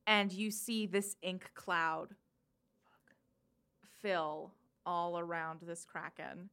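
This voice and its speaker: A woman's voice: lowish voice, little pitch movement, very slow, background noise. A woman narrating as game master in a tabletop role-playing session, casual and full of fillers. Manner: casual, laid-back narration with many fillers.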